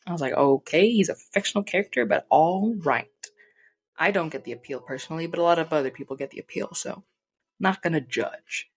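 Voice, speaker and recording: A young woman vlogger casually telling a profane, animated story, acting out the people she quotes. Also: sits low, fairly quick, vocal fry. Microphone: desk mic.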